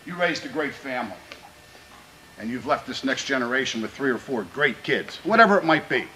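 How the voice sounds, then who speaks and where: A man's voice: mid-range voice, expressive, slight background noise, poor audio. Earnest man coaching his football team. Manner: earnest, plainspoken exhortation, pausing to restart phrases; grows louder and more fervent when speaking of country. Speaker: high school football head coach. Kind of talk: pregame locker-room speech to players.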